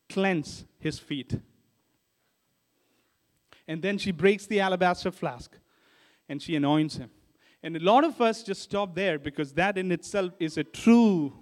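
High-voiced male preacher in a hall. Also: darkish tone. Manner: storytelling, addresses listeners as guys. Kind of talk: sermon. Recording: long hall reverb.

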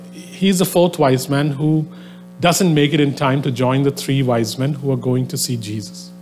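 A man preaching a sermon, telling a story conversationally with many fillers, then building into a fervent exhortation to his listeners. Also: mid-range voice. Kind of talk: sermon to a live audience. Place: venue with a soundboard.

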